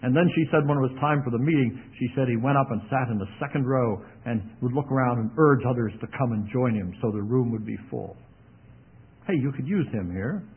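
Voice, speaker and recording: A man's voice: on the high side, husky. A man preaching a sermon in a folksy, emphatic way, with wry asides. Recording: tinny narrow-band radio broadcast.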